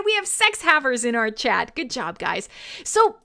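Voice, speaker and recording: A bright, higher-pitched woman hosting a live radio stream. Her voice swings up and down as she jokes, swears freely and answers chat. She laughs often and sounds loose and irreverent. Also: big pitch swings, a little slow. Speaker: radio show host.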